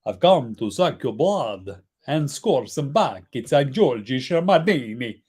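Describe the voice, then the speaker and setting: Campy male vampire, slow and menacing, drawn-out mock accent; Australian man putting it on. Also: medium pitch, sing-song, a little mellow, husky. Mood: mock menace.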